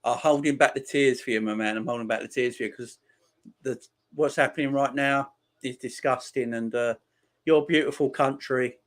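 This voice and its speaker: A man hosts a live football watchalong, talking loosely to his viewers and reading their messages aloud. He rambles and repeats his shout-outs, with a voice of ordinary middle pitch. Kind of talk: casual live-stream chat.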